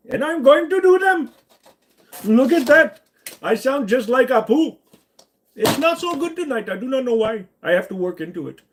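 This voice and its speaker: A man's voice: very high voice, pitched above the performer's own voice. A man putting on an exaggerated Indian accent to play a male call-center scammer who is overly polite and reassuring. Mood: playful. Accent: put-on Indian.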